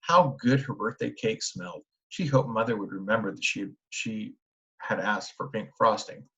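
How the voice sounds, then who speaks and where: A man narrating a children's book in a steady storytelling manner. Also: on the low side, normal speed. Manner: steady storytelling with small restarts. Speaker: audiobook narrator. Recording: dull lo-fi recording.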